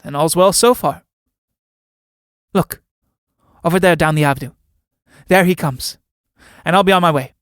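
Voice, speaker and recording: A man's voice: on the high side, normal speed, long pauses, fairly bright tone, clean tone, no room sound, close to an everyday voice. A man reading a frank, worldly friend in a storybook play. He talks in a plain, matter-of-fact way. The sound is dry.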